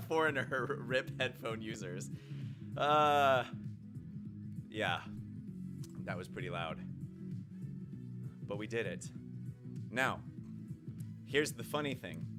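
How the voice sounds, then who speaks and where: A man hosting gameplay commentary who goes from calm explaining to loud shouting and cheering. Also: mid-range voice. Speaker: YouTube game host. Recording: music playing behind the voice.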